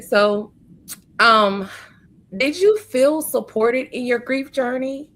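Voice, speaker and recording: A woman hosting a grief podcast, asking a guest gentle questions and affirming her answers. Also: high-pitched, slow pace. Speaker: podcast host. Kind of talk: interviewing a guest.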